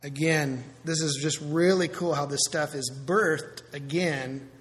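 A man preaching a sermon as pastor, conversational and animated, with quick asides and acted-out voices. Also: on the high side, big-room sound.

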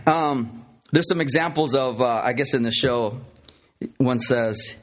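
A man's voice: medium pitch, slow. A man preaching a conversational, playful sermon as pastor, full of fillers and restarts.

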